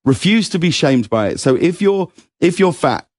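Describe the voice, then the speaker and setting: A guest on an interview show, this man chats casually and tells anecdotes as an animated storyteller, acting out quotes in a raised voice. His voice sits a little high, at normal speed, with no echo.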